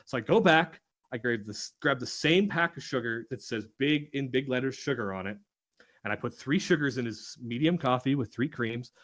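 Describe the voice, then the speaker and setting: A man's voice: medium pitch, normal speed. A young man, a podcast co-host, tells a story among friends, swearing freely and acting out everyone's lines. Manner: animated, swears constantly, acts out quotes.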